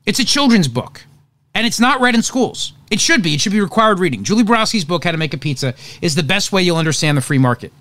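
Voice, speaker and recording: A male talk show host with a fairly high voice delivers opinionated political commentary. He is emphatic and sarcastic and often restarts his sentences. He is recorded dry and close in a studio. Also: sing-song, fast, a bit bright, no room sound.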